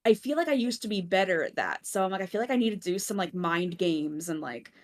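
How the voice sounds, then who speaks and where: A woman with a lowish voice rambles through a casual group chat, her talk full of "like" fillers and self-deprecating asides. She is speaking into a computer mic on an online voice call. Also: animated, quick pace. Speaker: community member, regular.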